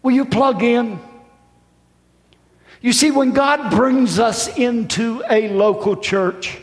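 A middle-aged man preaching a sermon in a church, swinging from fervent shouts down to hushed appeals. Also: very high voice, takes it slowly. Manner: impassioned, rising to shouts then dropping to a hush. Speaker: pastor. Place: church sanctuary. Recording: echoey hall with long reverb.

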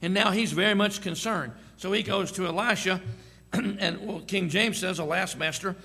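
A man preaching a sermon as pastor, telling stories with slow, emphatic, drawn-out phrasing. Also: sits high, vocal fry, sharp tone, husky. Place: church sanctuary. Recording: long church hall reverb.

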